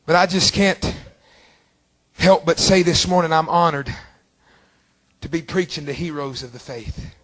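A man preaching a sermon fervently, with long drawn-out phrases. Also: a little high, fairly even intonation, a bit bright.

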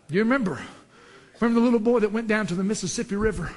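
High-voiced preacher. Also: male voice, rapid-fire. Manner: rises to fervent shouts, then drops low. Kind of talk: sermon.

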